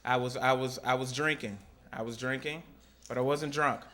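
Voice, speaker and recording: A man from Texas doing a stand-up set on a club stage, telling animated stories and acting out the voices. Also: medium pitch, moderate pace. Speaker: stand-up comedian. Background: audience laughter.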